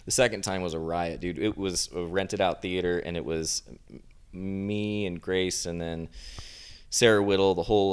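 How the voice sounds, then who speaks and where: A man's voice: low-pitched, smooth. A man hosting a podcast, telling loose, rambling stories in casual chat. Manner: rambling, loose storyteller full of fillers. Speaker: podcast host.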